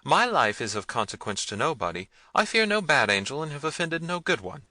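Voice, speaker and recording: A man's voice: a little high, big pitch swings, a little fast, bright, forceful tone, dry recording, voice pushed up. A man voicing a brave, humble young peasant, speaking earnestly. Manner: earnest, bold delivery.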